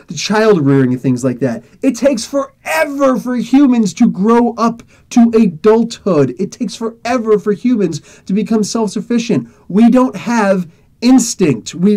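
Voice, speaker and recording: A man hosting a podcast who tells a story in a casual, animated way, acting out the dialogue and laughing often. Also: sits high. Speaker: podcast host.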